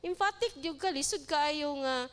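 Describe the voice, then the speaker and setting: High-voiced woman lecturer, Cebuano Filipino accent. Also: moderate pace. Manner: animated, switches between English and Cebuano, jokes with the audience. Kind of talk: live seminar lecture.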